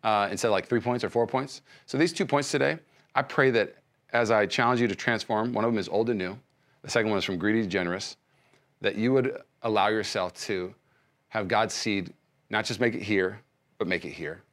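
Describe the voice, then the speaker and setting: A male pastor giving a sermon, speaking conversationally with many restarts and swinging between loud emphasis and soft hushed lines. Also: fairly low pitch, brisk. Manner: frequent fillers and restarts, conversational preaching.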